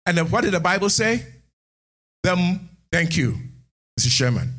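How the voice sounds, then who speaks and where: A man preaching a sermon in church, animated, moving between hushed asides and shouted lines. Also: sits high, moderate pace. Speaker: pastor.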